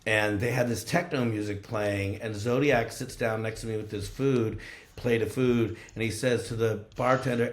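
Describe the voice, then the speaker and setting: A man from Los Angeles talks as a guest musician in a relaxed, rambling way, swearing freely. His voice sits fairly low. The recording carries a noticeable room echo. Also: normal speed. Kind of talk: casual storytelling. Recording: roomy echo.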